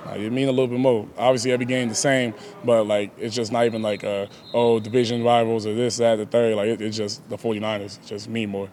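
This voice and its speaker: Fast-talking young football player, laughing. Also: male voice, lowish voice, level tone, darkish tone, slight background noise. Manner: easygoing, laughs often, leans on "like" and "you know". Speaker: pro football player at a press availability. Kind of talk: casual press interview answers.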